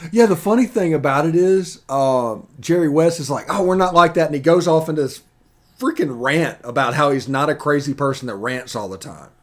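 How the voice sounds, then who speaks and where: A man's voice: fairly high pitch, animated, normal speed. A man co-hosting a sports podcast in teasing, casual chat. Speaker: podcast co-host.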